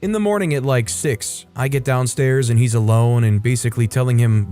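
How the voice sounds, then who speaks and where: A man reads stories aloud in a relaxed, conversational tone, adding his own remarks between them. His voice sits in an ordinary middle pitch. Soft music plays faintly behind him. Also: a little fast, hardly any pauses, clear, resonant tone. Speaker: host and reader of online stories. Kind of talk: reading stories aloud with commentary.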